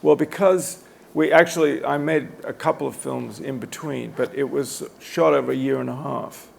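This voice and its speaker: A documentary filmmaker speaking on a festival panel in a relaxed, reflective way, with frequent "you know"s. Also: male voice, medium pitch, normal speed, gravelly, slight background noise. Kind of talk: casual panel discussion.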